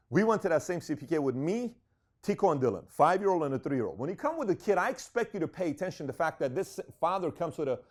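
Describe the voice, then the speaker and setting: A man's voice: on the high side, a little mellow. Emphatic man telling business stories. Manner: emphatic, storytelling, acts out quotes. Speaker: business speaker. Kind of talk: business talk to an audience.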